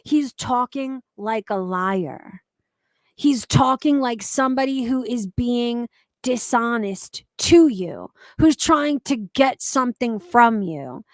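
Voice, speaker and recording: Profane high-voiced woman commentator. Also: animated, takes it slowly, no echo. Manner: blunt, profane, indignant. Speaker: commentary channel host. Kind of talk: casual commentary, reading chat comments.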